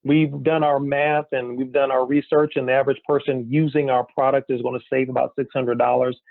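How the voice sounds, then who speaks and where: A man giving an energetic sales pitch, firing off rhetorical questions to his listeners. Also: brisk, gravelly, no echo. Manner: energetic, rhetorical questions, keeps saying "guys". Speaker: business opportunity presenter. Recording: tinny phone-like dry recording.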